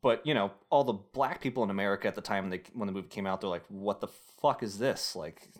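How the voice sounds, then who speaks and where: Low-voiced rambling podcast host, a man. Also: quick pace. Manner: rambling, self-interrupting, laughs often. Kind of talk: casual podcast chat.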